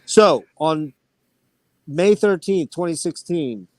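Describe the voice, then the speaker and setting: A man hosting an online talk show, telling stories in an animated way and swearing freely. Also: on the high side, slow. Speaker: podcast host. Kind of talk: casual chat.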